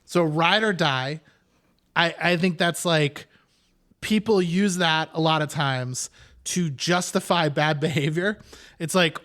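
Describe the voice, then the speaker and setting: A man's voice: a little high, slow, fairly bright tone. Easygoing man, podcast co-host. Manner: agreeable, lots of "yeah" and "like". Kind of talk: casual chat.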